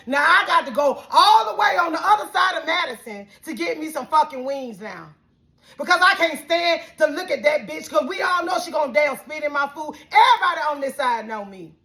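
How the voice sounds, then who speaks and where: A woman with a Southern accent, high-pitched and bright, rants in an outspoken, heated way with a lot of cursing. Her voice swings between shouting and near tears as she vents to the camera. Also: expressive, normal speed. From Alabama. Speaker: vlogger. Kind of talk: emotional venting rant.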